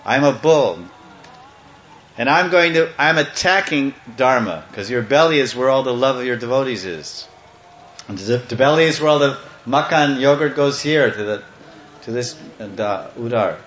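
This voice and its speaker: A man's voice: medium pitch, animated, moderate pace, a bit bright, lightly acted. A man voicing a boastful male bull demon who declares he will attack, in an echoey, slightly muffled recording. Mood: defiant.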